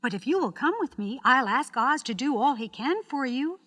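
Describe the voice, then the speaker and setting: A woman's voice: high-pitched, lively intonation, normal speed, fairly bright tone, in a large hall. A woman doing Dorothy, an earnest young girl. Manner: polite, clear and eager.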